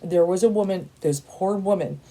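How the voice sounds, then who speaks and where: A woman's voice: fairly low pitch, normal speed, mellow. A woman in her fifties, a tarot reader, talking in a blunt, casual monologue that keeps repeating itself and is full of "you know" and "and stuff". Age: 50s. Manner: emphatic, repetitive, peppered with "you know" and "and stuff".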